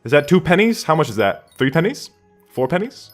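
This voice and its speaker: A man's voice: fairly high pitch, very animated, fast talker, faint music behind. A man streaming a game live from his room at home, rambling casually and answering chat questions aloud.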